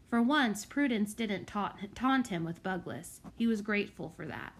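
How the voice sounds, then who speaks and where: A woman reading a children's novel aloud as an audiobook narrator, in an unhurried, clear storybook manner. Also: medium pitch, expressive. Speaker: audiobook reader. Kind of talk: scripted narration.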